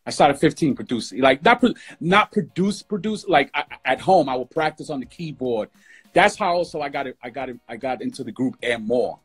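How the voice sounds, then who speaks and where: A man from New York City, a music producer guest, telling stories from his youth in a fast, emotional, casual way over a phone livestream. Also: mid-range voice, animated, a bit bright, husky. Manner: fast, emotional storytelling with lots of "bro". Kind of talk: casual storytelling interview.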